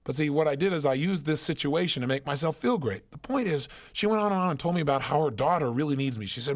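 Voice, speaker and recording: Emphatic, animated male motivational speaker. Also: on the high side, quick pace, few pauses. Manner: emphatic storytelling, rhetorical questions. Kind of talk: motivational seminar talk.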